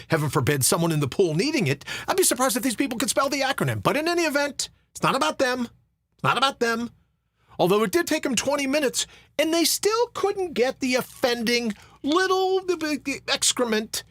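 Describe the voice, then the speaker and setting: A man's voice: very high-pitched, a bit bright, no room sound. A middle-aged man hosting a podcast, telling a long funny story and acting out other people's lines. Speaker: podcast host. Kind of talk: storytelling monologue.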